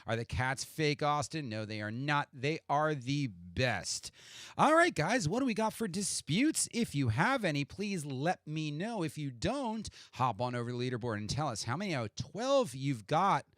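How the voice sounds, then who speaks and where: Broadcasting a live-stream pub quiz from home through an adjustable-EQ desk mic, this host keeps things chatty, self-mocking and full of asides to himself between answers. His fairly high, slightly bright voice is very animated at a normal pace, in studio-quality sound with no echo.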